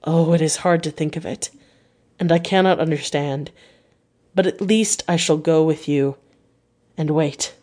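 A woman's voice: fairly low pitch, animated, very slow, slightly rough, full character voice. A woman reading the part of a proud, passionate young nobleman who speaks in agitated, indignant outbursts. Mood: broken. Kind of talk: audiobook character reading.

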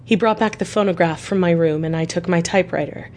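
A woman narrates a classic novel for a radio reading service. Her voice sits a little low and stays clear, even and unhurried. A faint background hiss sits behind her. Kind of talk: audiobook narration.

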